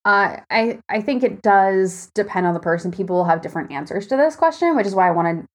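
A woman in relaxed podcast conversation who sets up questions and laughs easily. She speaks at a middling pitch from a hotel room. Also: brisk. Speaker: podcast host. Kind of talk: casual podcast chat.

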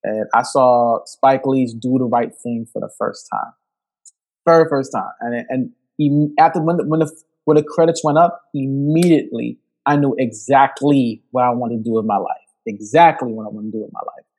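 A man's voice: medium pitch, normal speed. A man, a film director guest who tells stories in a casual, joking way. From United States. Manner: laughing, joking, animated storytelling. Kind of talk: casual interview.

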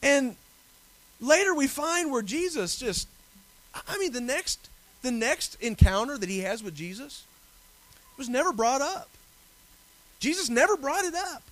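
A man preaching a sermon earnestly, building at times to forceful emphasis. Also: very high voice, lively intonation, a little slow, pauses often. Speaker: pastor.

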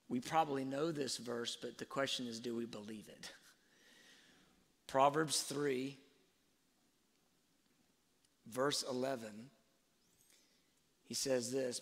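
A man giving a sermon-like talk on faith and parenting, telling stories slowly and reflectively, with fillers and restarts. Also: mid-range voice, a bit bright. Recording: long hall reverb.

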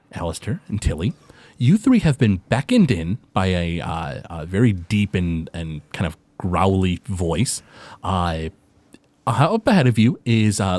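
A man's voice: fairly low pitch, darkish tone. A man hosting and narrating a tabletop game as game master, talking with many fillers and restarts. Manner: filler-heavy, halting delivery.

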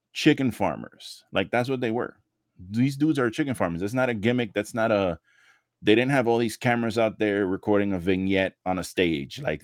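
Male podcast co-host, lowish voice, dry close sound, animated profane storyteller. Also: no room sound. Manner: animated storytelling, heavy swearing, acts out quotes. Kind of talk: casual wrestling chat.

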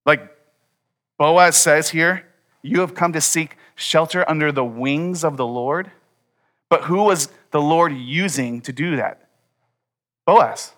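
A pastor preaches a sermon in a slightly high voice at a slow pace, pausing often. He tells a personal story and acts out its dialogue with lively energy.

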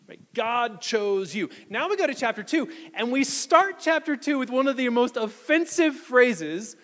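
A male pastor preaching a sermon in a church, reading scripture aloud and explaining it with animated delivery. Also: high-pitched, big-room sound. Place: church sanctuary.

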